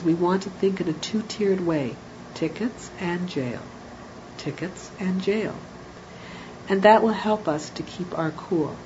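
Calm, low-voiced woman explaining parenting. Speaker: parenting educator. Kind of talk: spoken lecture. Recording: dull lo-fi audio with faint noise.

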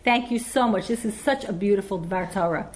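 A woman's voice: mid-range voice, brisk. A woman giving a lecture on parenting, taking questions from the audience, effusive and rambling with many restarts.

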